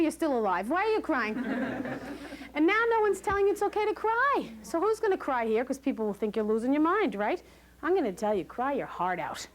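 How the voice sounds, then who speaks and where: A woman leading a postpartum class for new parents, talking in an animated way, acting out quoted voices and laughing often. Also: high voice. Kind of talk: lively educational talk to new parents. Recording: hissy 1980s VHS recording.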